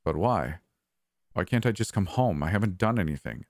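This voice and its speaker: A man's voice: sits low, expressive, moderate pace, dry recording, clean studio sound. A man voicing a timid, anxious young man who stammers and hesitates. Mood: timid, confused.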